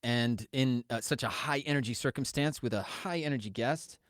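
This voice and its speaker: A man's voice: medium pitch, normal speed, no room sound, clean studio sound. A man co-hosting a podcast, bantering in a campy, teasing, mock-grand way. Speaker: podcast co-host.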